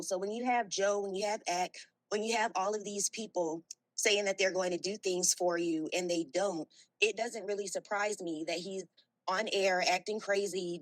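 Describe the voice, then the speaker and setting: A woman calling in to a livestream, speaking in a calm, earnest, encouraging way. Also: mid-range voice, no echo, poor audio. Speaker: caller. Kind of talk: supportive call-in talk.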